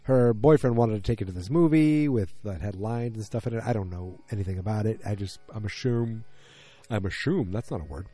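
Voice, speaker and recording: A man's voice: on the low side, a little fast, warm tone. A man casually recapping a TV episode, rambling and correcting himself mid-sentence in loose, slangy talk.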